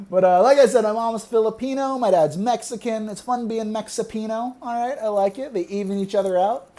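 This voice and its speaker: A young man performing a stand-up comedy set, delivering deadpan one-liners and laughing at his own jokes. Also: sits high, a little fast.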